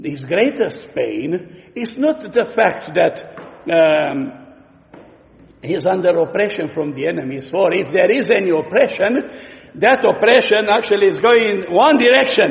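A man's voice: a little high, expressive, measured pace, creaky. A male preacher giving a sermon, explanatory and emphatic, with frequent fillers. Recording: echoey hall, dull lo-fi sound.

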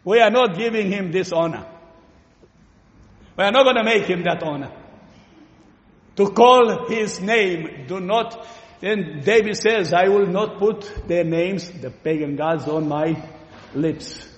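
A man with a Romanian accent preaching a sermon in a church hall, earnest and questioning, pausing with fillers. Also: high-pitched. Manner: earnest, asks the listeners questions, pauses with fillers. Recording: echoey hall with long reverb.

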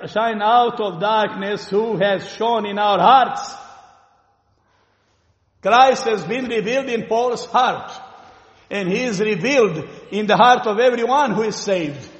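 A man with a Romanian accent preaches an earnest sermon, frequently posing questions to the congregation and pausing with fillers. His voice is high for a man, and the muffled recording comes from a church hall with heavy echo and long, trailing reverb.

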